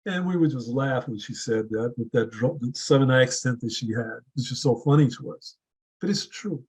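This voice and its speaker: Husky-voiced man giving a motivational talk. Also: medium pitch, a little mellow, poor audio. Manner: deliberate, with repeated rhetorical questions. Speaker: club speaker. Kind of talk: motivational speech.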